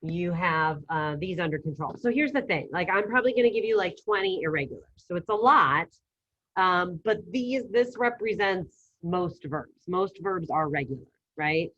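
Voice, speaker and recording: A woman teaching an online language class, giving brisk, upbeat coaching over a video call. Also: on the low side, animated, a bit bright, muffled recording. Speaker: Spanish teacher.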